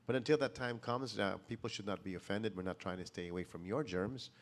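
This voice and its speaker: A middle-aged man, chatting casually and softly on a home livestream, mixing in phrases. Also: fairly low pitch, a little fast. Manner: soft-spoken, mixes in Filipino phrases. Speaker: singer hosting a livestream. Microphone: phone or laptop on a livestream.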